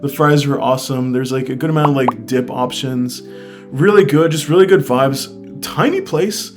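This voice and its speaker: A man's voice: mid-range voice, normal speed. American man, casual enthusiastic travel vlogger, loose and chatty, light guitar bed behind. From United States. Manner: chatty, fills speech with "like" and "I mean"; enthusiastic, recommends things directly to viewers. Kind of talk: casual travel review talk. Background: faint guitar music.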